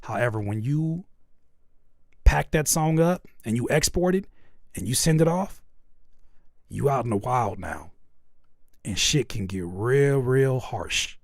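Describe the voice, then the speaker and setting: A man's voice: medium pitch, expressive, takes it slowly, gravelly, pauses often, no echo, studio quality. A man hosting a live music feedback stream, giving frank, profane advice and playing up joking mock outrage at the chat. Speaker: host reviewing music live.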